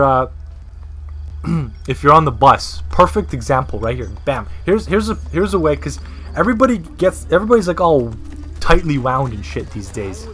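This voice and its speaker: A man's voice: fairly high pitch, fairly bright tone. A man casually commentating a video game, talking in a rambling, crude, profane way. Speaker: gameplay commentator.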